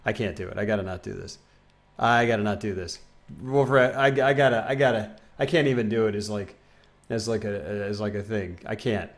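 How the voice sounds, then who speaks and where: A man's voice: lowish voice, fairly even intonation, a little fast. A young man streaming a game live, chatting casually with his viewers and rambling, self-mocking, often trailing off into mumbles.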